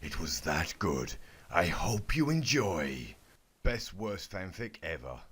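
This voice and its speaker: A young man reads a clumsy fan story in a mock-serious deadpan, stumbling and restarting as he goes. His delivery is slow, and his pitch swings widely. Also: slightly rough. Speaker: YouTuber reading fanfic aloud. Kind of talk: mock-serious comedic reading.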